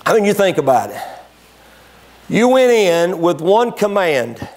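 High-voiced man preaching with fervor. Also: animated, measured pace. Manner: impassioned preaching that swells loud and high, then drops low and quiet. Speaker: pastor. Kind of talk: sermon. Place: church service.

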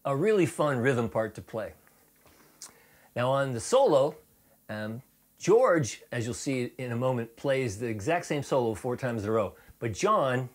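With a mid-range voice, a man walks through a rock guitar lesson while playing, keeping it casual and talkative with fillers and restarts.

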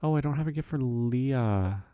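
A man's voice: mid-range voice, moderate pace, clean tone, phone-quality sound. A man casually commenting on a farming game as he plays, thinking aloud with frequent ums and questions to himself. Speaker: let's play host.

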